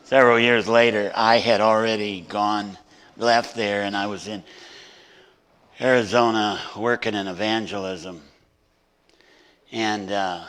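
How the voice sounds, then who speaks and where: A man's voice: on the low side, a bit bright. An older man preaching as a guest speaker, telling a story and acting out the voices of the people in it. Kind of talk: sermon storytelling. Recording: hall reverb.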